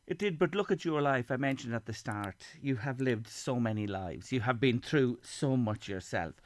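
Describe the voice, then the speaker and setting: A man hosts a lunchtime radio interview, speaking with admiration for his guest. His voice sits mid-pitch, recorded dry in a studio. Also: animated, moderate pace, dry recording. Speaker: radio host. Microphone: studio microphone.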